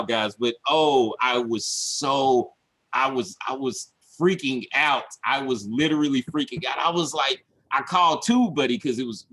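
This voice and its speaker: A man coaching his viewers in a casual livestream, emphatic and repetitive, acting out his own panic with shouts and laughs. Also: medium pitch. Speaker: online business coach.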